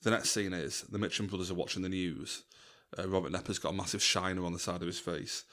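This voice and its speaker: A man's voice: deep voice, fairly even intonation, fast, a bit bright. A young man co-hosting a podcast, chatting casually, laughing often and acting out scenes he describes. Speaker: podcast co-host. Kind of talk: casual chat.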